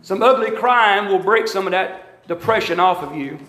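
A man's voice: sits high, moderate pace, fairly bright tone, roomy sound. A man preaching a sermon with emphatic repetition and calls to the congregation. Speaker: pastor. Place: church sanctuary.

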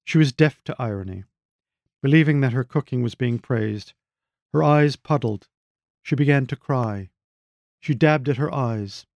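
A man reading his own short story aloud in a measured, wry way, close to the mic. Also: mid-range voice, vocal fry, a little mellow, no room sound, muffled recording. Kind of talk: literary reading.

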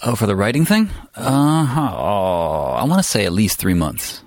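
Very deep-voiced wry man. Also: huge pitch swings, moderate pace, darkish tone, no room sound. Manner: dry, wry humor. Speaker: guest, audio engineer. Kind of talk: casual chat.

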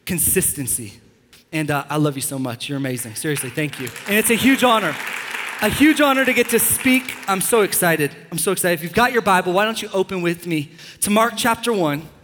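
A young man preaching a sermon as a pastor, enthusiastic and joking with sudden loud bursts. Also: high-pitched, expressive, a little fast, a faint crowd, a little hiss or hum. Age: young adult. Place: large church hall. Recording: long church-hall reverb.

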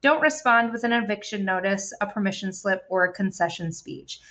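Bright-voiced chatty woman in her thirties. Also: medium pitch, brisk. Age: 30s. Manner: chatty and candid, swears freely. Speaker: podcast co-host discussing a book. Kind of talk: casual book-club chat.

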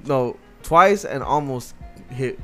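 A man chatting casually and telling stories in a relaxed, profane way, laughing often. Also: mid-range voice, slow pace, soft background music. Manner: laid-back storytelling, swearing, laughing. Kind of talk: casual chat.

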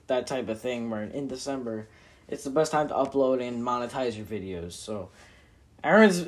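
A man's voice: medium pitch, a little mellow. A man giving casual reaction commentary in a hesitant, filler-heavy way. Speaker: reaction channel host.

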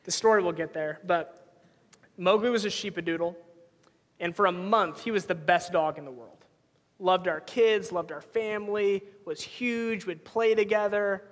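Pastor, male, 30s, high voice, conversational sermon, long reverb. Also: normal speed. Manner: conversational, storytelling with personal anecdotes.

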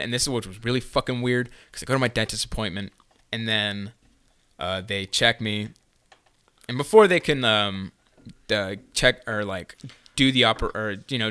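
A man's voice: mid-range voice, moderate pace, sharp tone, clean tone, no echo. A young man telling a long story on a casual podcast, rambling with lots of fillers and swearing. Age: young adult. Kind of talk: casual chat.

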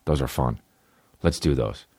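A man's voice: very deep voice, measured pace, dark tone, breathy edge, no room sound. A male comedian hosting a podcast, chatting casually in a rambling, sarcastic and profane way.

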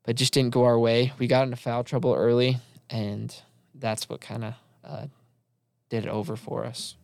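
A man's voice: mid-range voice, flat delivery, normal speed, vocal fry, no echo, clean studio sound. A young man co-hosting a college sports talk show, recapping games in a loose, casual way with lots of fillers. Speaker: college sports podcast co-host.

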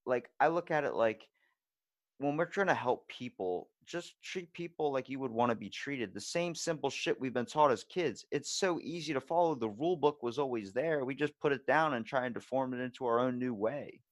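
A man's voice: mid-range voice, expressive, moderate pace, no echo, studio quality. A man hosting a podcast, talking bluntly and casually, swearing freely as he tells stories. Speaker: podcast host. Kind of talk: casual conversation.

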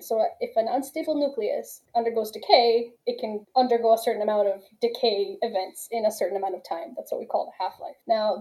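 A woman's voice: on the high side, mellow, poor audio. A woman, a physicist guest on a podcast, explaining patiently step by step with everyday analogies. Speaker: guest expert, nuclear physicist. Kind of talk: casual explanatory podcast talk.

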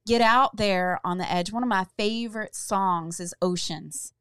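A woman co-hosting a casual faith-based podcast, telling stories in an earnest, encouraging, animated way. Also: mid-range voice, measured pace, clear, resonant tone, dry recording, studio quality. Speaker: podcast co-host.

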